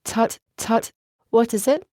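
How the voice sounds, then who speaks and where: A woman's voice: a little high, slow pace, mellow, dry recording. A woman reading the part of an old, kindly, dry-humoured news editor, with a light Scottish lilt, in an audiobook. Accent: Scottish, put on.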